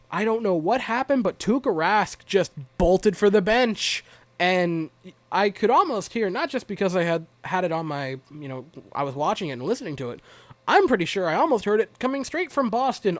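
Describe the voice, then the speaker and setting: A man's voice: high-pitched, no echo. A young man giving a rambling, wry, self-mocking recap of a hockey game as a fan vlogger.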